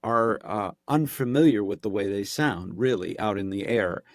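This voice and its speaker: Playful male guest with a lowish voice, dry close sound; casual interview talk, drops into quick voice demos. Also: lively intonation, no room sound. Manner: playful, demonstrates voices while explaining. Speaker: actor and impressionist guest.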